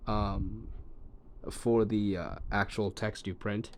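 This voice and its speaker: A man's voice: fairly low pitch, steady tone, slow pace, a little hiss or hum. A man casually demonstrating an old gadget, thinking aloud with ums and trailing asides, recorded on a phone. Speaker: tech reviewer demonstrating a device. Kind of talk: casual hands-on demo.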